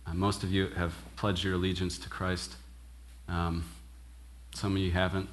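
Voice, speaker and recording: Young male minister, slightly low voice, casual animated sermon style, keeps asking "right?". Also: normal speed. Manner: casual and animated, acts out quoted dialogue, frequent "right?". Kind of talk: conversational sermon.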